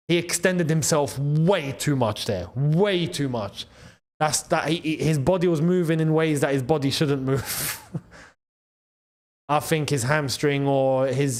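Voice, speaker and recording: A young man hosting a live football watchalong, reacting to the match and shouting at big moments. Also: a little high. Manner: excitable, shouts at big chances and goals. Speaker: football channel host.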